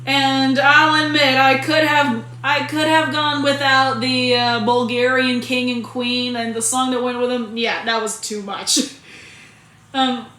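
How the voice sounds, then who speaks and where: Woman, casual movie reviewer, high and bright, chatty, keeps restarting her sentences, echoey room. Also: little pitch movement, a little slow. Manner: chatty and rambling, with frequent restarts and laughs.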